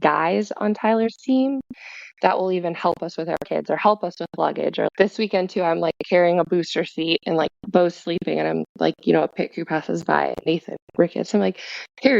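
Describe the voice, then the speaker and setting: A woman guest in a casual podcast chat, telling stories with lively asides. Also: on the low side, vocal fry, no room sound. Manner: chatty storyteller, lively asides. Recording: dull, dry lo-fi sound.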